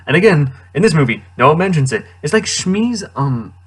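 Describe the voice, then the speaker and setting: A man's voice: on the high side, big pitch swings, moderate pace, husky. Sarcastic man ranting about a movie. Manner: sarcastic, incredulous, laughs often. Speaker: movie reviewer. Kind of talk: casual movie commentary.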